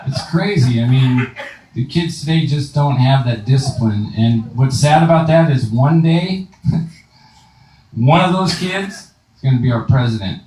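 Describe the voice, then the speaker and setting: A man's voice: medium pitch, unhurried, a little mellow, a little hiss or hum. A man in his thirties doing a crude stand-up comedy set with lots of swearing, speaking to a live crowd from a club stage. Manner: crude, swearing punchlines with voiced asides. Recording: echoey club, mic at a distance.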